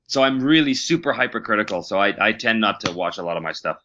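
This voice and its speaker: A middle-aged man, a voice actor, telling stories in a casual interview, self-deprecating and quick to laugh. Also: lowish voice, animated, bright, forceful tone. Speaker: voice actor guest.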